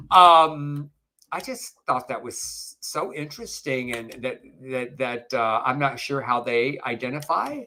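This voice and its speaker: A man's voice: mid-range voice, expressive, a little slow, sharp tone. A man co-hosting a live news chat show, telling stories in a gossipy, playful way. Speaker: co-host.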